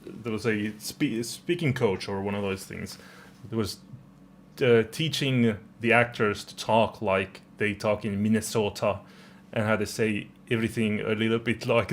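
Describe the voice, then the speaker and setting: A man's voice: on the low side, fairly even intonation, measured pace, slight background noise. A man from Finland with a Finnish accent, co-hosting a casual podcast chat, hesitant and laughing often. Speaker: co-host.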